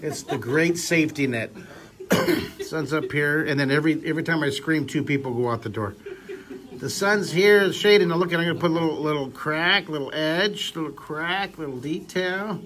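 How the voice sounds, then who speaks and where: A man's voice: on the high side, normal speed. Upbeat man teaching kids to draw. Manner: energetic, joking, cheering on students. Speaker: drawing teacher. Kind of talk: live drawing lesson with a class. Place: classroom with children.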